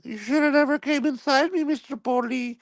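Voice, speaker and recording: A man voicing a timid Colombian maid who talks in a high falsetto and broken English. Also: a little fast, no room sound. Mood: teasing.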